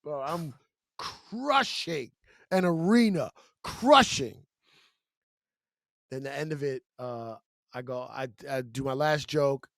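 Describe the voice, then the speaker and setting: A male comedian and podcast co-host telling a story in casual chat, slangy and animated, acting out what people said. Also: mid-range voice, moderate pace, no room sound, studio quality. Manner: animated storyteller, slangy with "bro", acts out exchanges. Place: podcast studio. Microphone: studio mic.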